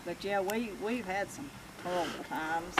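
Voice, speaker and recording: A woman's voice: on the low side, unhurried, crowd noise. An older woman, telling plainspoken stories about her work at a sawmill. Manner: folksy, plainspoken. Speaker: loader operator at sawmill. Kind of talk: casual storytelling.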